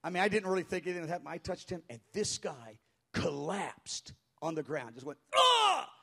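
A man pastor telling a story in a sermon before a live congregation, animated and halting, crying out when he acts out quoted voices. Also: a little high, gravelly. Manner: halting with frequent restarts.

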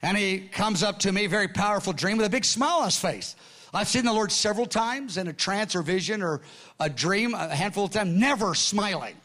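An older man preaching in a storytelling style, conversational and animated, often dropping to hushed tones and restarting his sentences. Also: sits high, fairly quick. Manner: conversational, acts out dialogue, laughs often. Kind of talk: storytelling sermon with notes.

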